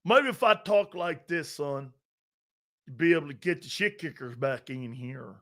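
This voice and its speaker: A man doing a folksy older Texan with a thick, exaggerated drawl, his voice dropped far below its usual height into a low, slow rumble. He leers and boasts like a small-town good old boy. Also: expressive, fairly bright tone. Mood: drawling taunt.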